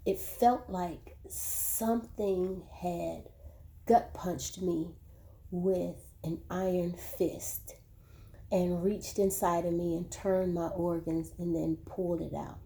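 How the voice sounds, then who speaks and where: Slow, low-voiced woman telling her story. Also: fairly even intonation, creaky, dark tone. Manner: slow, measured storytelling with repeated words. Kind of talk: personal testimony, spoken to viewers.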